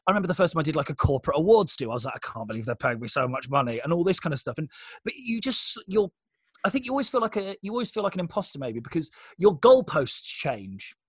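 A man, a comedian, telling quick self-deprecating stories in a casual podcast chat, with lots of fillers. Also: high voice, sing-song, breathy edge, no room sound. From Britain. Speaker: comedian and guest.

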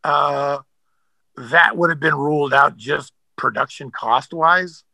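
A man's voice: on the high side, slow, gravelly, sharp tone, no echo, poor audio. A man, an actor, telling stories as a guest in a casual interview, rambling with many fillers and restarts.

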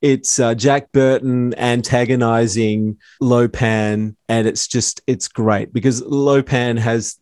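A man co-hosting a film podcast, speaking in a measured, agreeable way. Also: mid-range voice, steady tone, a little mellow, no echo, studio quality. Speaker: podcast co-host. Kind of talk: casual film discussion.

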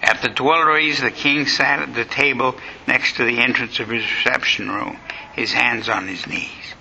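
Male lecturer with a gravelly voice telling history vividly over faint background noise. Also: medium pitch, fairly even intonation, normal speed, bright, forceful tone, dull audio. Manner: vivid storytelling, acts out quotes.

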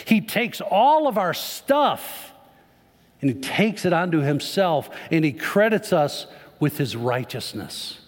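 A man's voice: on the high side, sing-song, slow. Guy preaching in a church, chatty, asks the room questions, lots of hall echo. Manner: conversational preaching with questions to the congregation. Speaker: pastor. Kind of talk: sermon. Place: church sanctuary. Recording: long church reverb.

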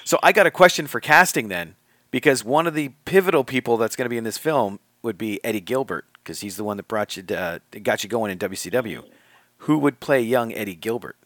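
A man co-hosting a casual chat, playful and quick to laugh. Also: mid-range voice, expressive, a bit bright, no room sound, clean studio sound.

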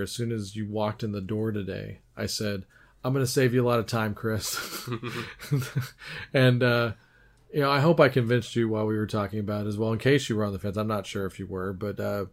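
A man's voice: on the low side, fairly even intonation, brisk. Enthusiastic talkative podcast host man. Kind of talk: casual chat.

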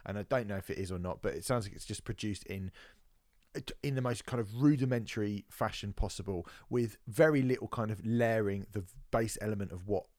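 A man's voice: fairly low pitch, a little fast, no room sound. Man, podcast co-host, rambling restarts, cursing, dry close sound. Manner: animated, swearing, trailing restarts. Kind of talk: casual music review chat.

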